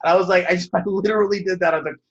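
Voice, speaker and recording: A man's voice: high voice, fairly even intonation, racing, lo-fi sound. A man in his thirties, a numerology coach giving a motivational talk to a group on a video call, telling stories animatedly and laughing mid-sentence. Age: 30s.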